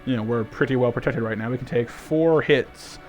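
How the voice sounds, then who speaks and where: A man's voice: medium pitch, fairly quick. A man giving casual, chatty let's-play commentary, thinking aloud and poking fun at himself. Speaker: gaming YouTuber. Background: game music.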